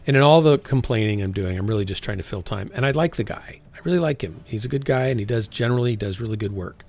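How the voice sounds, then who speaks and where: Gravelly older man rambling on stream. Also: on the low side, expressive, fast talker, darkish tone. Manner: rambling, frank, self-correcting, trails off. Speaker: game streamer. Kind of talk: casual rambling chat while streaming.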